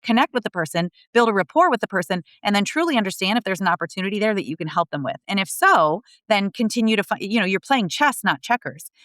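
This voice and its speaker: A woman's voice: medium pitch, lively intonation, fast, hardly any pauses, fairly bright tone, dry recording. A woman guest on a podcast, explaining sales in an earnest way, often restarting her sentences. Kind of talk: casual podcast conversation.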